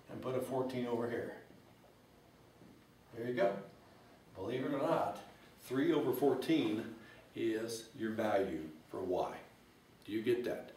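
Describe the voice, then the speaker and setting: A man's voice: mid-range voice, a little mellow, recorded from a distance. A man teaching an algebra lesson, explaining step by step with joking, folksy asides. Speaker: math teacher. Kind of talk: recorded math lesson. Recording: echoey room, voice from off-mic, faint hiss.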